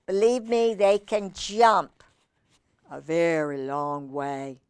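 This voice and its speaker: A woman reading a picture book aloud to children, animated and exclamatory with chatty asides. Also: fairly low pitch, takes it slowly, smooth, no room sound, clean studio sound. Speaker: children's storyteller.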